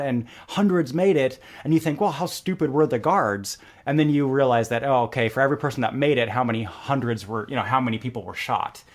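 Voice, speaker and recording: A man as a podcast guest, telling stories in a relaxed conversational way and acting out quoted lines. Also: medium pitch. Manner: animated, acts out quoted lines in a joke. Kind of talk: conversational storytelling.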